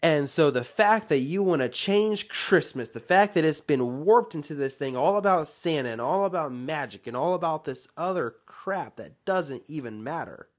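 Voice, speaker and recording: A man's voice: a little high, normal speed, few pauses. A young man hosting a solo podcast, talking in a casual, rambling way and getting fired up as he rants. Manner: animated, rambling, gets fired up and ranting. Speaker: podcast host.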